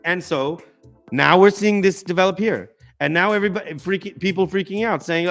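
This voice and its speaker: A man hosting a live political talk stream, ranting emphatically and stumbling over restarts. His voice sits somewhat high for a man, with faint music in the background. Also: lively intonation, fairly quick, a bit bright. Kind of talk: casual political commentary.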